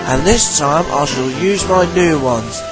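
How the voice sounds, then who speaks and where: A man's voice: on the high side, unhurried, lightly acted, rough recording. A man voicing an earnest, friendly young male tank engine in a storybook reading. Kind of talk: storybook narration. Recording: background music.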